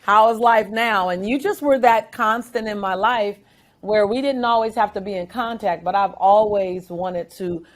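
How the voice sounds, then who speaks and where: A woman guest in a casual interview, telling stories with lively, acted-out quotes and frequent laughter. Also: medium pitch, moderate pace. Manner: animated storyteller, acts out quotes.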